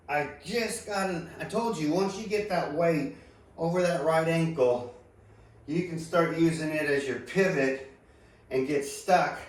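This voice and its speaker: A man giving a casual golf lesson in an easygoing way, talking while he hits balls on the range. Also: on the high side. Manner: easygoing, unhurried, talks while hitting balls. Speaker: golf instructor. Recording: echoey sound from far off.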